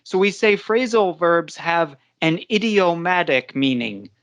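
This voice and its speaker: An English teacher leading a live online class, talking slowly and patiently and often restarting a sentence. The voice sits at an ordinary pitch, and the sound is close and dry with no room around it. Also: animated, fairly bright tone, no room sound. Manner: slow, patient explaining with frequent restarts. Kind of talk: live online language lesson.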